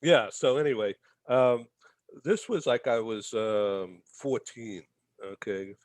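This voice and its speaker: A man's voice: medium pitch, slow, darkish tone, no room sound. Chatty man telling stories. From Boston area, US. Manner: rambling, tags lines with "okay?". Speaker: guest, magazine publisher. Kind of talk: casual storytelling.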